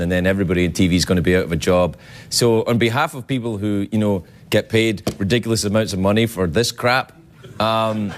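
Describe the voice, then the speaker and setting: A man's voice: low-pitched, noisy background. A man hosting a late-night talk show, delivering a rambling, self-mocking comedy monologue in a television studio.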